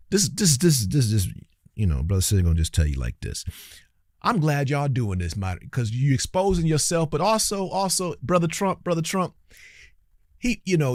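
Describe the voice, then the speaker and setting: A man's voice: mid-range voice, a little mellow, dry recording, clean studio sound. A man hosting a reaction commentary, talking in a heated, preachy, colloquial way and speaking straight to his viewers. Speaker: commentary channel host.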